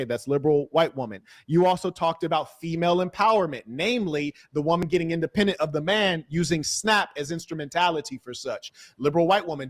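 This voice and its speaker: A man arguing forcefully in a livestream debate, mocking the views he opposes. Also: on the high side. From California-educated; black American. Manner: combative, mocking imitations.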